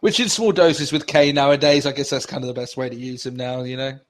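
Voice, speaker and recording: A man co-hosting a podcast, laughing easily and throwing in quick opinions. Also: medium pitch, steady tone. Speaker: podcast co-host. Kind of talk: casual chat.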